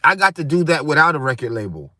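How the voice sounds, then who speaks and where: A man's voice: on the high side, sing-song, fast, sharp tone, no room sound, clean studio sound. A man hosting a livestream, talking in a preachy, rambling way and often speaking to his chat. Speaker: livestream host. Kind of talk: casual livestream rant.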